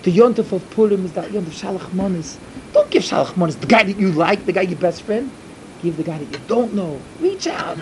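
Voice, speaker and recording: A middle-aged man giving an emphatic storytelling sermon to a yeshiva, repeating his points and swinging from loud to hushed. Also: high voice, a little fast, a little hiss or hum, low-quality recording. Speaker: yeshiva speaker.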